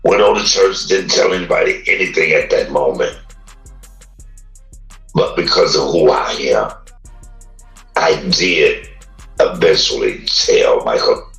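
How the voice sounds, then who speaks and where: A man earnestly recounting a painful childhood memory in a slow, emotional storytelling manner. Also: a bass voice, creaky, fairly bright tone. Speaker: man telling his life story on a livestream. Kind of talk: personal storytelling. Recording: distant roomy playback with music.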